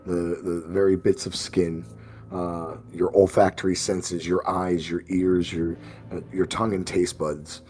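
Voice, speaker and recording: Deep-voiced man narrating a game. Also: darkish tone. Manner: slow descriptive narration with fillers. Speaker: game master.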